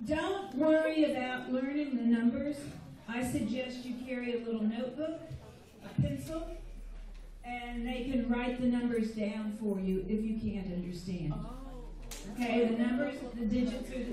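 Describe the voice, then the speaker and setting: A woman with a slightly high, mellow voice teaches simple Spanish phrases to a room full of students at a moderate pace, patiently repeating each one so they can echo it back. Captured from a distance in an echoey school classroom, the recording picks up the crowd around her.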